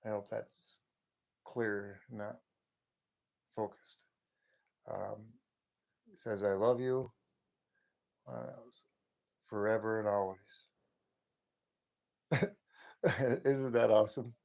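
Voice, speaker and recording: Middle-aged male stream host, low folksy voice, relaxed chatter to viewers. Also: drawn-out words, vocal fry, pauses often. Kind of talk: casual live stream chat.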